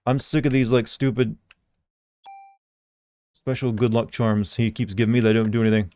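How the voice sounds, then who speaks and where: A man's voice: medium pitch, level tone, moderate pace, dark tone. A young man casually commenting while he plays a game on a live stream, rambling and reading chat messages aloud.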